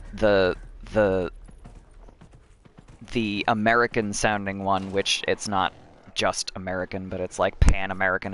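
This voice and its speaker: A man with a fairly low voice chatting over his gameplay stream. He rambles, trips over his words and keeps restarting sentences, in an easygoing commentary. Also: a bit bright, a little hiss or hum. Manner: rambling, many restarts and self-corrections.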